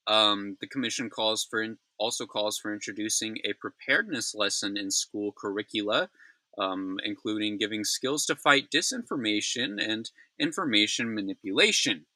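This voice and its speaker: A man's voice: fairly low pitch, moderate pace, bright, forceful tone, no echo, rough recording. Tired, rambling male news host. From United States. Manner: tired, rambling, self-deprecating, many fillers. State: yawning, frazzled. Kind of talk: casual solo news commentary.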